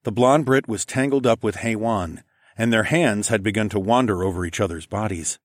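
A man narrating a first-person adult audio story in a soft, low-key, murmured voice. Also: normal speed, no echo, studio quality.

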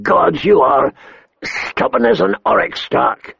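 A man voicing a hot-tempered, blustering middle-aged king in an audiobook, loud and bellowing. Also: very animated, takes it slowly, creaky, slightly rough, no room sound, lo-fi sound, exaggerated voice. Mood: exasperated. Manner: loud, bellowing, high-pitched outbursts. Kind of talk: audiobook character voice.

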